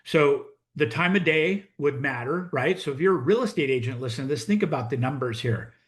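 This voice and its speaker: A man's voice: a little high, expressive, fairly quick. A middle-aged American man, a real estate coach, telling a story as a monologue and acting out both sides of the conversation. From United States.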